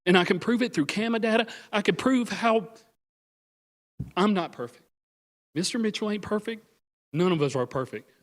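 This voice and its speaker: A man with a drawl speaks at a committee podium in a county meeting room. His voice sits a little high, and it turns emotional and pleading. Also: fairly bright tone, in a large hall. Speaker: residential appraiser speaking at public comment. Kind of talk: public comment at a committee meeting.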